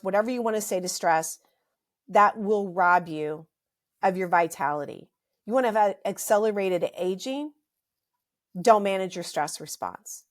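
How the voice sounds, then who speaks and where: A middle-aged woman hosting a health podcast, ranting emphatically and repeating phrases, her throat a little dry. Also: medium pitch. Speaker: podcast host, health practitioner. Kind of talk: impassioned health podcast monologue.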